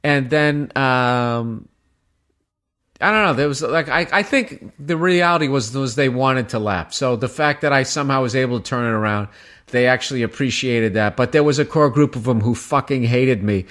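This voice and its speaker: A man's voice: mid-range voice, normal speed. A male comedian with a Boston accent telling a story on stage in a casual interview, swearing often and acting out crowd voices. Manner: animated, profane, acts out crowd voices. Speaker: guest comedian.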